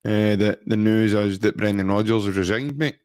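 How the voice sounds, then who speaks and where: A man's voice: on the low side, moderate pace, darkish tone, no echo, studio quality. A man with a Scottish accent hosting a casual podcast chat, chatty, laughing often and restarting his sentences. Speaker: podcast host.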